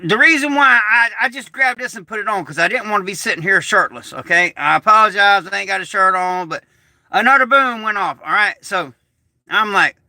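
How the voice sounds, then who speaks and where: A man telling a rambling, excitable story on a casual livestream, swearing and restarting often. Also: high voice, brisk, no room sound. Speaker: prepper vlogger. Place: small shed turned bunker.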